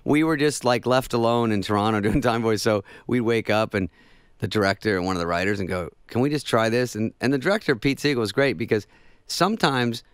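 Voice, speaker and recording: A male comedian telling casual anecdotes on a talk show, dry and quick, dropping into voices for the people in his stories. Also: mid-range voice, clear, resonant tone, dry recording. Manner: dry storytelling, mimics others in quick voices. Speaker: comedian guest.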